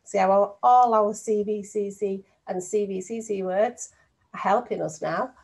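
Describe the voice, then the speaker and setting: A woman teacher records a lesson at home for young children. She speaks slowly and deliberately, breaking words into syllables, at a middle pitch. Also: darkish tone. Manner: slow, clear, sounding out words for young children. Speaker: primary school teacher.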